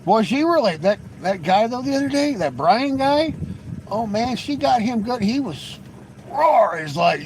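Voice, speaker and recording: Male livestream host, high lively voice, rambling teasing chatter, faint background noise. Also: measured pace, low-quality recording. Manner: rambling and teasing, with frequent laughs and stammered restarts. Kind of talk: casual live-stream chat with viewers.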